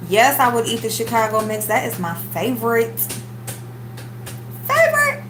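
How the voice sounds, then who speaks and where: A woman's voice: on the high side, fairly quick, music in the background. A woman hosting a casual live stream, chatting with viewers and greeting them by name. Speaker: livestream host. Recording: echoey room with background noise.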